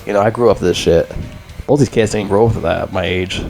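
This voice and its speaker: A man's voice: on the low side, fast talker, gravelly, a little mellow, faint music behind. Rambling, profane young male reviewer. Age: 20s. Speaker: movie reviewer. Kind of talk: casual vlog review.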